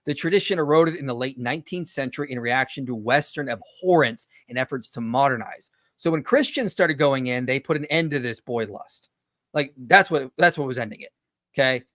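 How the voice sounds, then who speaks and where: A man's voice: medium pitch, brisk, fairly bright tone, no echo. Male host in his thirties, casual and dismissive, dry close sound. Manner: casual, many filler likes, dismissive. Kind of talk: casual online panel discussion.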